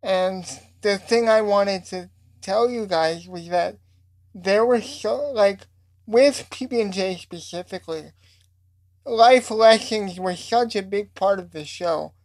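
A woman's voice: medium pitch, slow pace, darkish tone. A woman interviewing guests, asking thoughtful questions with many fillers.

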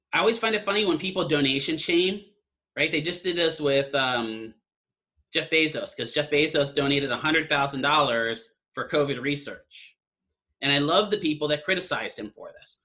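A man's voice: a little high, moderate pace, pushed and bright. A man lecturing an online class in a casual, conversational way, often checking in with "right?". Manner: conversational, keeps asking "right?".

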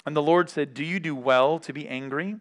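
A man teaches from the Bible in a relaxed, conversational way, reading passages aloud and pausing for frank asides. His voice sits a little high for a man and has a smooth, clear tone. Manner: candid, reads scripture aloud between remarks.

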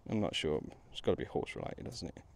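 A man with a Midlands accent, out of breath, chatting excitedly to the camera outdoors while metal detecting in a field. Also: low voice, fast talker. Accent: English Midlands. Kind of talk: casual outdoor commentary.

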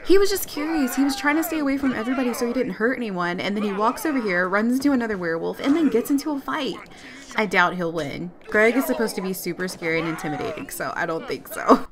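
A woman doing let's play commentary on a life-sim game, excitable and quick to exclaim and laugh. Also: on the high side. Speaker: gamer.

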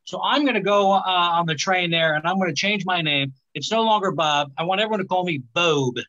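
A male stand-up comedian on a live stage, delivering his set with a halting manner and many "uh" fillers. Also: high-pitched, pushed and bright, lo-fi sound. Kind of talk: stand-up routine.

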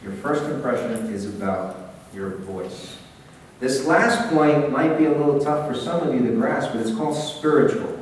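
A man giving a lively business seminar talk, speaking directly to his audience and pushing his voice out. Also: medium pitch, normal speed, a little hiss or hum. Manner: animated, projecting, talks straight to the audience. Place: seminar hall. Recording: echoey hall, taped from far off.

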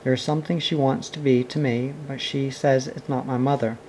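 Man voicing a breezy boy playing at fatherhood, storybook figure, mellow tone. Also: medium pitch, little pitch movement, fairly quick, a little hiss or hum, natural voice, poor audio. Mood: anxious puzzled. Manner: breezy, then anxious and puzzled. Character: boyish carefree boy pretending to be father. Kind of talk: audiobook reading.

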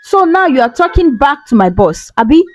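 Cruel young gang boy taunting, nigerian accent, bouncy high voice, done by a woman. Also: very animated, moderate pace, no room sound. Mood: menacing. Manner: taunting, cold. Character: menacing young male gang leader, cold and cruel.

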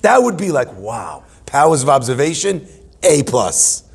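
A man's voice: a little high, sing-song, unhurried, vocal fry, husky. A man teaching a humorous Torah class in a playful, musing way, full of self-deprecating asides.

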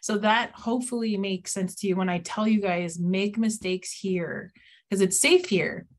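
A woman's voice: medium pitch, measured pace. A woman math teacher leading a live classroom lesson, playful and teasing, often acting out her students' reactions.

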